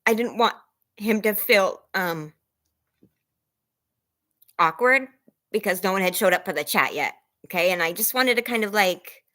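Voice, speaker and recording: A woman vlogger chats straight to her viewers in a loose, rambling way, breaking into nervous laughs. She sounds self-conscious and close to tears. Her voice sits at an ordinary middle pitch. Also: fairly bright tone. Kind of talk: casual chat to viewers.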